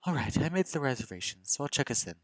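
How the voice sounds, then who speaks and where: A man's voice: mid-range voice, sing-song, fast, dry recording, pitched above the performer's own voice, lightly acted. A man voicing an eager, teasing young woman friend with an upbeat manner in an amateur visual novel reading.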